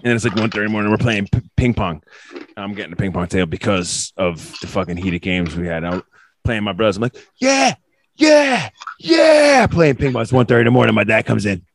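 A man's voice: on the low side, fast, creaky, no echo. A man co-hosting a podcast, telling rambling, profane stories in casual chat.

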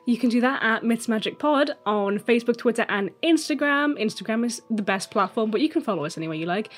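Woman podcast co-host, higher-pitched, casual storyteller with jokey asides. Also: expressive, fast, soft background music. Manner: chatty, laughs easily, jokey asides. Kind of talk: casual podcast chat, telling a folklore story.

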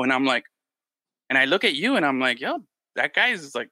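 A man hosting a casual chat, telling stories in an animated way, acting out the voices of others and swearing freely. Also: mid-range voice, a little fast, no echo. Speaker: podcast host.

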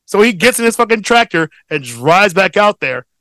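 A young man co-hosting a podcast, telling a long story in a profane, rambling, animated way. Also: high-pitched, moderate pace, no room sound. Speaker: podcast co-host. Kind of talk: casual storytelling chat.

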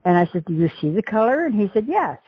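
A woman's voice: mid-range voice, expressive, rapid-fire, breathy edge, no echo, highs cut off. A middle-aged woman recounting a past event as an interview witness, rambling along and acting out the dialogue she quotes. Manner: rambling storyteller who acts out quoted dialogue.

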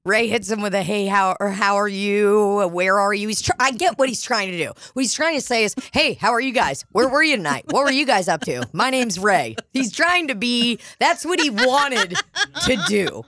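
In clean, echo-free studio sound from a dining room setup, a woman co-hosting a podcast chats through a bar story, cursing plenty and impersonating the people she quotes. Her voice is a little high, her pace moderate, and her delivery animated.

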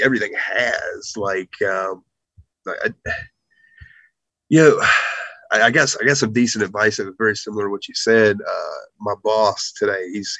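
A man's voice: fairly low pitch, creaky, a bit bright, no echo, rough recording. A man speaking as an interview guest, thoughtful and hesitant, with frequent fillers. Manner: hesitant, many fillers and restarts. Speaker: guest, pro wrestler. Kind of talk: interview talk.

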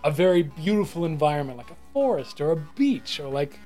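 A man's voice: fairly high pitch, big pitch swings, brisk, mellow, soft background music. A man narrating as game master of a tabletop role-playing game, talking casually with lots of fillers.

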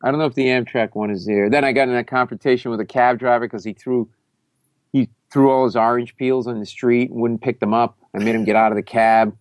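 A man telling a story as a comedy guest, loud and profane, often breaking into shouted reenactments. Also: mid-range voice, steady tone, a little fast, no room sound. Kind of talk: animated storytelling.

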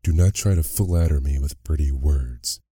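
A man's voice: very deep voice, normal speed, dark tone, husky, dry recording, studio quality. Man voicing Beast, a growling furious monster. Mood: commanding. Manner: growling, spitting out words. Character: huge ugly male beast, furious and proud. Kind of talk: bedtime story reading.

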